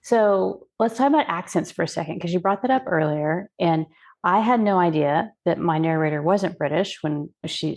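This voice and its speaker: A woman's voice: on the low side, vocal fry, darkish tone. A woman author hosting a podcast, who asks questions in a curious, friendly way. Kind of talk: casual podcast interview.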